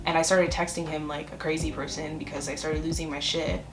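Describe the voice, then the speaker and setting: A young woman in her twenties with a low, deep-set voice tells a personal story to the camera. She talks in a candid, blunt way, swears freely and breaks into laughs often. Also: level tone, fairly quick, over music. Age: 20s. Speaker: vlogger telling a story. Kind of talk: casual storytime chat.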